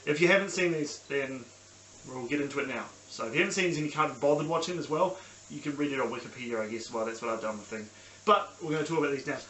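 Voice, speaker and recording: In a small sunny room at home, a young man with a New Zealand accent hosts a casual solo review podcast, rambling enthusiastically with plenty of ums and restarts. He talks fast at medium pitch with a sharp tone, and the recording is echoey with a faint hiss.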